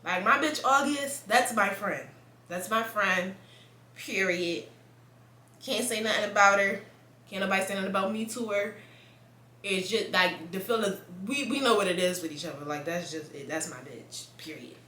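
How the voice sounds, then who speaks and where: A young woman, chatting casually to camera in a blunt, profane and animated way, laughing often. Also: medium pitch, moderate pace, echoey room. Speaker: vlogger.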